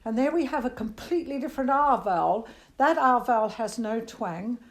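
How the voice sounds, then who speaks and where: An older woman from Australia with an Australian accent, a singing teacher answering interview questions in an animated way and breaking into voice demonstrations. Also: moderate pace. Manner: animated, demonstrates voices with big pitch jumps.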